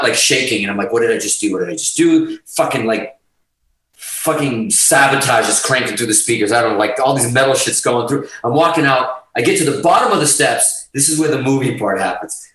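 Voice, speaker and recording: Profane animated storyteller man. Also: mid-range voice, heavy reverb, far from the mic, poor audio. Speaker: guest musician. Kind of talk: casual storytelling.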